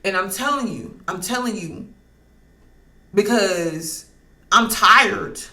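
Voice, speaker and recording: A woman's voice: mid-range voice, takes it slowly, pushed and bright. A woman reading astrology in a casual talk, blunt and heated, swearing freely and repeating herself for emphasis. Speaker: astrology and tarot reader.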